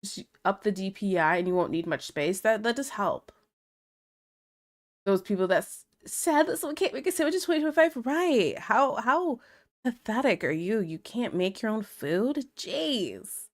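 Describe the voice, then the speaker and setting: A woman's voice: medium pitch, lively intonation, moderate pace. A young woman, chatting casually on a live stream, reading chat messages aloud and laughing often.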